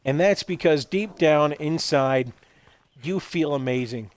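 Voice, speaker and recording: Man rambling absurd deadpan story. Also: fairly high pitch, a little slow. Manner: acts out quoted lines in voices. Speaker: gaming video host. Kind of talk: rambling comedic monologue while gaming.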